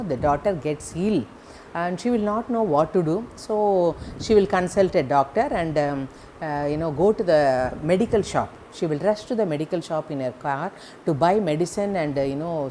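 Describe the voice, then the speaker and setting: A woman's voice: low voice, warm tone, a little hiss or hum. A woman lecturer telling a moral story in a loose, conversational way. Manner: conversational, with many "you know" fillers. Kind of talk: storytelling lesson.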